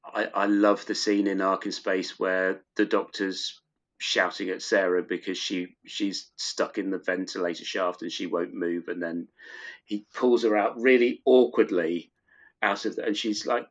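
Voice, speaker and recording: Give me a middle-aged podcast guest, a man with a low voice who rambles and restarts, recorded on a muffled, lo-fi line. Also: fairly even intonation, a little slow. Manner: rambling, many restarts, fond enthusiasm. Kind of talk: casual chat. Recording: dull lo-fi recording.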